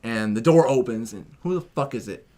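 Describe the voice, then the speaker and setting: A man hosting a relaxed film review chat. He talks in a lively, swearing, excitable way, mid-pitched for a man. He jumps into quoted voices as he retells scenes. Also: fairly quick, heavy background noise. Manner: animated, profane, acts out the plot in quoted voices. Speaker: film reviewer, podcast host.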